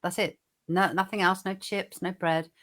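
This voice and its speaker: A woman co-hosting a casual chat show, lively and chatty. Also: on the low side, moderate pace, crowd noise.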